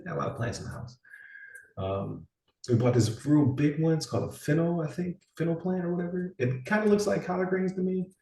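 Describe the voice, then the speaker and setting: Gravelly-voiced man, rambling casual chat. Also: on the high side, mellow, recorded from a distance. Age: 40s. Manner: rambling, many fillers and restarts. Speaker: podcast co-host. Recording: echoey room, somewhat off-mic.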